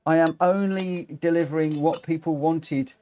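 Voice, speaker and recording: Man from the UK, live-stream host for a racing game, chatty, reads out chat, voice sits a bit high. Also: steady tone, normal speed, warm tone. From United Kingdom.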